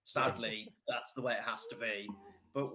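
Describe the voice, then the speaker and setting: A man's voice: lowish voice, fairly even intonation, moderate pace, crowd noise. A man from the Midlands, chatting about wrestling in a jokey, teasing way. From English Midlands. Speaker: guest panelist. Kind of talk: casual wrestling chat.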